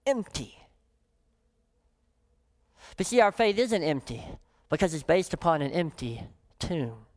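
A woman pastor preaching a sermon, emphatic, often dropping into soft, low phrases for weight. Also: sing-song, unhurried.

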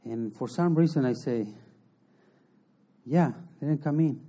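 A man giving an emotional personal testimony as an interview guest, in halting, earnest non-native English. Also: on the high side, mellow. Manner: emotional storytelling.

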